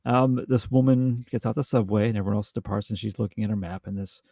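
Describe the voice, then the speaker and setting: A man's voice: on the low side, fairly even intonation, fast, creaky, mellow, dry recording. A man co-hosting a podcast, chatting casually about a film in a rambling way with lots of restarts. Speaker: podcast co-host. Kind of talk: casual film review chat.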